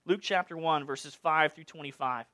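A man preaching a sermon in a playful, animated way, full of jokes and asides. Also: fairly high pitch, normal speed. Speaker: pastor.

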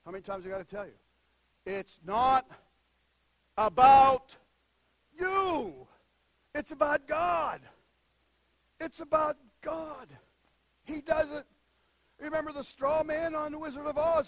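A man preaching a sermon, moving between quiet asides and loud, emphatic bursts. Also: extremely high pitch, normal speed, dry recording, poor audio. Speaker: pastor.

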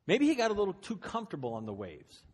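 Husky-voiced man preaching a sermon. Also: high-pitched, wildly swooping pitch, fast talker. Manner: dramatic retelling with voiced quotes.

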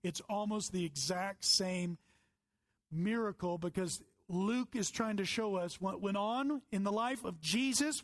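A pastor preaches with earnest conviction, leaning hard on key words as his raised voice climbs. His tone sits high for a man. The sound is close and dry, with no room around it. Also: no echo. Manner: earnest, emphatic preaching with rising stresses. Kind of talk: sermon.

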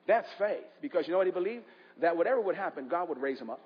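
A man's voice: sits high, animated, racing, long reverb tail, dull audio. A man with an East Coast American accent preaching a sermon in a church, urging the congregation to respond aloud. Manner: impassioned preaching with call-and-response. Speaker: pastor.

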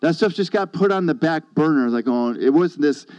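Preacher, male, warm low-key storyteller, dry muffled recording. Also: lively intonation, moderate pace, no room sound. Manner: storytelling, conversational, quotes others. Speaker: pastor. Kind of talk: sermon testimony.

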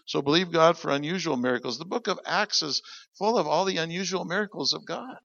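In this sermon, a middle-aged pastor talks a little fast in a gravelly, slightly high voice, bringing his stories to life by acting out the quoted voices. The recording lacks room sound and its highs are cut off.

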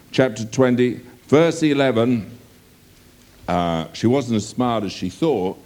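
A man preaches a sermon in a slow, deliberate way, reading scripture and then explaining it. His voice swings widely in pitch. He keeps turning to his listeners with drawn-out rhetorical questions. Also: a little mellow.

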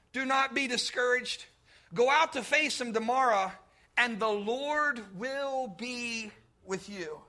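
A man preaching a sermon to his congregation, talking to them directly and rising into shouted emphasis. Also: very high voice. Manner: conversational, addresses congregation directly. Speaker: pastor.

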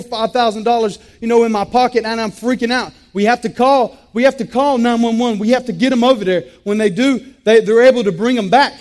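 A man speaks in a notably high register. He delivers a personal testimony in an intense, emphatic way. He often repeats a phrase to press the point home. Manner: intense, repetitive, emphatic storytelling.

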